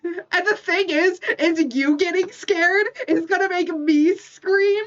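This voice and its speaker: A woman's voice: very high voice, slow. A woman streamer chatting casually with her viewers, giggling often and filling her talk with "like". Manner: giggly, full of "like" fillers. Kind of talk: casual livestream chat. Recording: distant dull mic with faint music.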